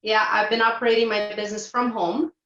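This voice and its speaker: A woman's voice: fairly high pitch, brisk. A woman who works as a reflexologist, chatting casually as an interview guest and describing her work with plenty of fillers. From Portugal. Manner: relaxed, many fillers. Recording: roomy, dull sound.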